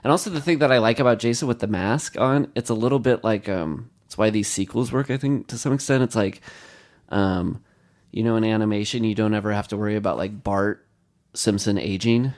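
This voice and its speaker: A man's voice: on the low side, brisk, a little mellow. A man co-hosting a podcast, chatting casually and rambling with plenty of likes and ums. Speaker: podcast co-host. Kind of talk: casual chat.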